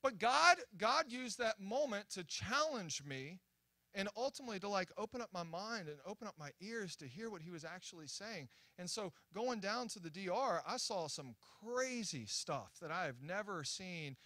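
Young guy preaching, super animated, bright sharp voice, dry close sound. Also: sits high, normal speed, no echo. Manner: animated, excitable, acts out quotes, many restarts. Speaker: guest preacher. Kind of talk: sermon storytelling. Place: church sanctuary.

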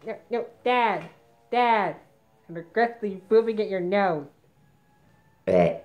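A woman doing a comic sketch rant, exasperated and yelling "no" over and over. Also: mid-range voice, normal speed, lo-fi sound, soft background music. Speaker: comedy video maker.

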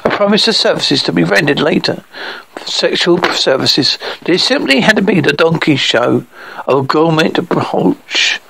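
A man's voice: fairly high pitch, animated, moderate pace, vocal fry, fairly bright tone, slightly rough, rough recording. A man reading a horror story aloud as narrator, an unpolished reading with stumbles and restarts.

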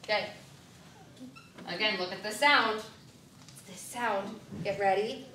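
A woman teaching first graders to blend words, with clear, directive prompts and counting down. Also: medium pitch, slow, sharp tone, slight background noise. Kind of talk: classroom reading lesson. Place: classroom. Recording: echoey classroom from far off, children around.

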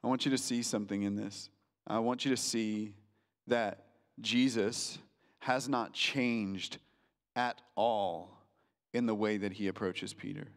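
A male pastor preaching a sermon in a conversational way, slowing down for emphasis and acting out quotes. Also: lowish voice, fairly even intonation. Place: church sanctuary. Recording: reverberant church hall.

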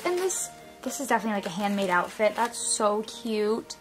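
A young woman chatting casually through an unboxing, gushing and gasping with excitement. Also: a little high, moderate pace. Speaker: vlogger unboxing a reborn doll. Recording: music playing underneath.

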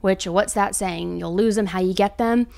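A woman's voice: medium pitch, fairly even intonation, normal speed, gravelly, darkish tone. Woman, true crime host, mid-range voice, casual, chatty storytelling, asides to viewers.

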